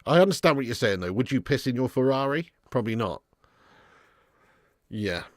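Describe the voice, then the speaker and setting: A man's voice: mid-range voice, expressive, normal speed, no room sound, studio quality. A man hosting a live football watch-along stream, chatting and laughing with viewers while a bit snotty and ill. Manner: chatty, reads chat aloud, laughs often.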